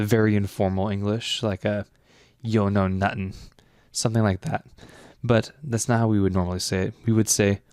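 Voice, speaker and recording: A man with a somewhat low voice teaches a Latin lesson in a measured, scripted style. He reads each phrase slowly before explaining the grammar. The recording is dry and close, with no room sound. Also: darkish tone, no echo.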